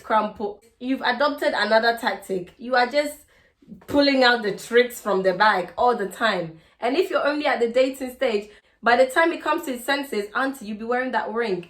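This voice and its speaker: A woman's voice: a little high, fairly bright tone. A woman with a Ghanaian accent giving relationship advice in a playful, teasing way in a casual vlog. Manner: playful, teasing, acts out sweet-talking lines.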